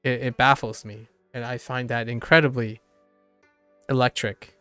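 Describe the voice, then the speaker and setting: This is a young man with a slight Southern American accent, talking in a casual, rambling way. He laughs easily and drifts into musing, and his voice stays smooth and even. Faint music plays softly behind him. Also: mid-range voice, normal speed, no room sound. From Southern United States. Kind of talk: casual chat.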